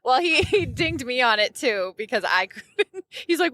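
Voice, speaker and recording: A woman's voice: sits high, big pitch swings, a little slow, sharp tone, no echo. A woman co-hosting a podcast in casual chat, laughing often as she talks. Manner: giggly, laughs often while talking. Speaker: podcast co-host.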